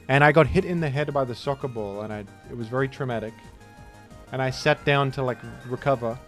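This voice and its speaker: A man streaming a video game, chatting casually and telling rambling, self-mocking stories between moves. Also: medium pitch. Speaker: gaming streamer. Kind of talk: casual commentary while playing. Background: faint background music.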